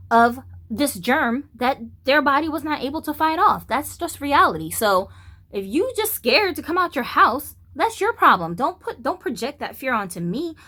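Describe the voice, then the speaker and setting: A woman in her thirties from the United States, ranting and telling a story to camera in a blunt, profane, animated way. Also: high-pitched. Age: 30s. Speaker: vlogger. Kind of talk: casual storytelling rant.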